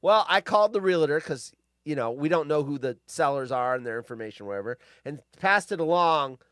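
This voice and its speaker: A man talks fast and loose while hosting a live stream, reading out odd news items and drifting into his own stories. His voice sits a little high, and it is recorded dry and close with no room sound. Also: animated, fairly bright tone, clear, resonant tone, no room sound. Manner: rambling, swears freely, lots of restarts. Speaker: live show host. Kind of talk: casual chat, reading news stories aloud.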